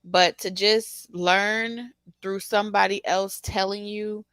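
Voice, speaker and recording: A woman giving a casual, animated tarot reading, teasing the listener and laughing often. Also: medium pitch, slow pace, smooth, no echo. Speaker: tarot reader.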